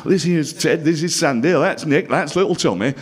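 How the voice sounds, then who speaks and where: A man's voice: on the high side, moderate pace, breathy edge, voice pushed up. A man voicing a hearty, enthusiastic middle-aged male holiday camp host with a Bolton accent and a bluff, jolly manner.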